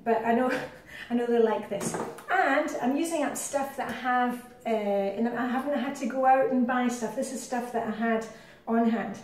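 A woman's voice: on the high side, moderate pace, few pauses, a little mellow, a little hiss or hum. A middle-aged woman with a Scottish accent, chatting her way through a home cooking demonstration with rambling asides. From Scotland. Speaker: cooking vlogger. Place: home kitchen. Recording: very echoey kitchen, distant mic.

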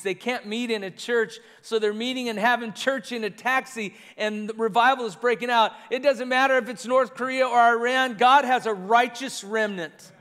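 A man's voice: high voice, fairly bright tone, clean tone. A man preaching a sermon as pastor, earnest and repetitive in his phrasing. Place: church sanctuary. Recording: long reverb of a large church hall.

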